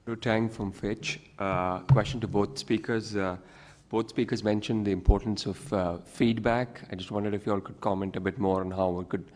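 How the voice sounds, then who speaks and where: A man in the audience asking the panel a question, hesitant and halting. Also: lowish voice, fairly even intonation, darkish tone. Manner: hesitant, many uh fillers. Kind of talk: question from the floor.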